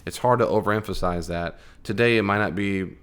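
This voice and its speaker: A man with an American accent teaches a Bible study class in a loose, conversational way. His voice sits fairly low, and he keeps turning to the room with questions. He acts out the scripture lines he quotes as he goes. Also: brisk, fairly bright tone, clear, resonant tone. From United States.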